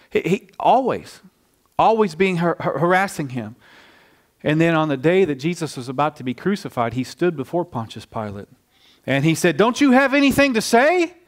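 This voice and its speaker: A male pastor preaching a sermon in a conversational, animated storytelling way, often restarting his phrases. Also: a little high.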